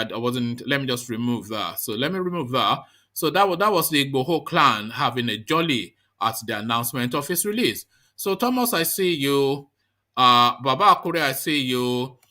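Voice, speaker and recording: A man hosting a live online discussion show, reading news and then greeting his guests in an animated, halting way with frequent restarts. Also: mid-range voice. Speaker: host.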